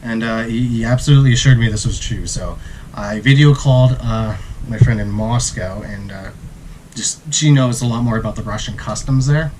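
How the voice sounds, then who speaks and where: A man's voice: medium pitch, normal speed, a little hiss or hum, rough recording. Male travel vlogger, mid voice, laid-back storyteller. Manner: relaxed, acts out quotes. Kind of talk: casual storytelling.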